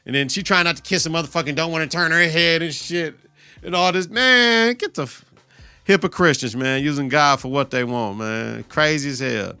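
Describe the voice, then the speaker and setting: A man hosts a reaction podcast, swearing freely and retelling scenes with mock outrage. His voice sits a bit high and sounds bright and forceful. It is recorded dry and close, with faint music underneath. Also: normal speed, clear, resonant tone, no echo. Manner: profane, animated retelling with laughter and mock outrage. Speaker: podcast host.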